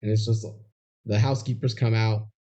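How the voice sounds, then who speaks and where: A man's voice: on the low side, level tone, a little fast, warm tone. A man co-hosting a podcast, recapping a movie scene by scene and acting out the characters' lines. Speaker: podcast co-host. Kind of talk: casual movie recap chat.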